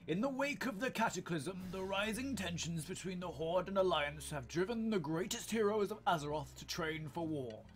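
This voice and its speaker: A man's voice: sits high, lively intonation, moderate pace, few pauses, voice pushed up. A man voicing a solemn human male warlock, reading out a grave account in a slightly raised, declaiming tone.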